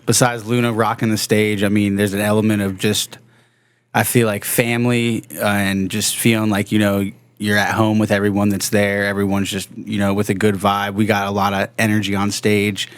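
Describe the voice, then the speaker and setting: A man with a low, fairly monotone voice talks about his band's shows in an easygoing, upbeat way. His pitch barely moves as he chats on the podcast. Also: normal speed, smooth, dry recording. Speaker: band member and guest. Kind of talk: casual podcast conversation.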